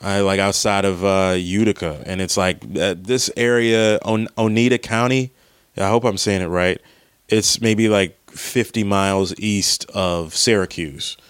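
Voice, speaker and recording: A comedian telling a rambling, profane story about a stressful drive in casual monologue. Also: male voice, lowish voice, unhurried, clean tone, no room sound, studio quality. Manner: profane, rambling, animated retelling.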